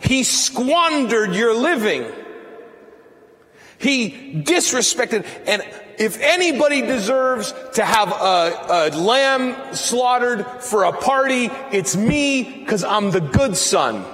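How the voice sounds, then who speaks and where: A man preaching a sermon in a church, slow and emphatic, building at times to near-shouts. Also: extremely high pitch, sing-song. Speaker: priest. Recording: long reverb of a church hall.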